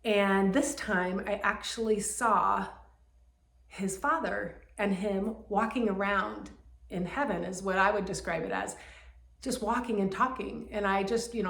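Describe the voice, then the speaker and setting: Woman, Reiki healer, earnest personal storytelling, medium pitch, roomy echo. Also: fairly bright tone. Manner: earnest, heartfelt retelling.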